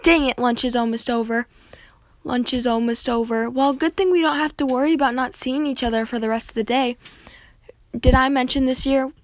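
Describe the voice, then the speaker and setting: A woman with a high voice reads a homemade story aloud, stumbling and restarting often. The recording is close and dry, with no room sound. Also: steady tone, no room sound. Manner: halting reading with frequent slips and restarts. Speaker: reader.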